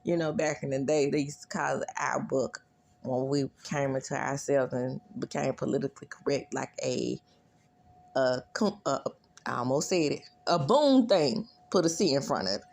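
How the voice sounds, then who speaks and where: A woman recapping a TV episode in a chatty, animated way, laughing often and squealing when she quotes lines. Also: extremely low pitch, normal speed, vocal fry. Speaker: recap vlogger.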